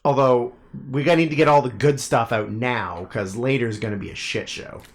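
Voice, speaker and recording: A man's voice: mid-range voice, fairly even intonation, moderate pace. Rambling, profane male podcast co-host. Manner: rambling, profane, laughs often. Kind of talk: casual banter.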